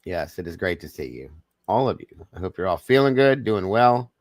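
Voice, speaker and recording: A man's voice: low voice, animated, normal speed, no room sound. A man with a Southern American accent hosting a livestream, greeting viewers one by one in a folksy, friendly way. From Southern United States. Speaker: livestream host.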